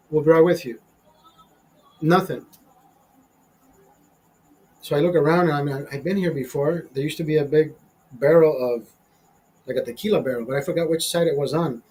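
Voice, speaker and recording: A man's voice: a little high, a little mellow, rough recording. A man of fifty, a show host, telling a rambling story in casual chat, swearing a lot and sounding exasperated. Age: 50s. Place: small studio.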